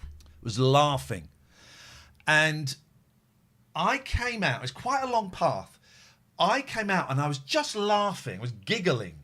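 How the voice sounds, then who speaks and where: A man's voice: fairly high pitch, slow, pauses often. A man hosting a podcast, chatting casually and telling angry stories with lots of swearing. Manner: animated, heavy swearing, telling angry anecdotes. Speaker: podcast host. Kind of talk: casual chat.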